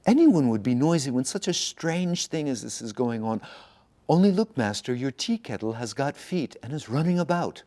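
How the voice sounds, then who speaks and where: A man voicing a bold, excitable young novice monk in a storybook reading. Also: medium pitch, moderate pace, voice pushed up, close to an everyday voice. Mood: urgent. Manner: eager, excited.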